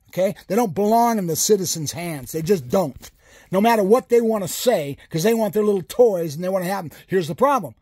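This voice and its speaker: A furious man rants straight at the camera in a high, husky voice, swearing and hammering his points again and again. The sound is dry and close, with no room around him. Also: a little mellow, no echo. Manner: heated, profane, repetitive and emphatic. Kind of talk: political rant to camera.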